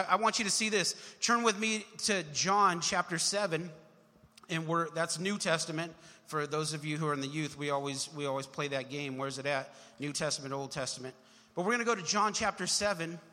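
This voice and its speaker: A young adult male pastor preaching a sermon with emphatic swells, sometimes dropping low and then rising to shouts. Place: church hall. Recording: long hall reverb.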